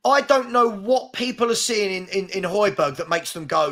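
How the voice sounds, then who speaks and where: A man hosts a live football talk show and rants at length. His voice sits high and sounds bright and forceful. He keeps pressing his points insistently. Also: animated, normal speed. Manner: ranting, insistent. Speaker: host. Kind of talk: heated football chat.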